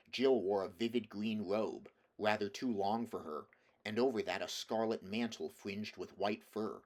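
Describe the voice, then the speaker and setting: A man narrating a children's fantasy novel aloud in a steady, measured reading voice, now and then restarting a phrase. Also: fairly low pitch. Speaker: audiobook reader. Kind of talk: storybook narration.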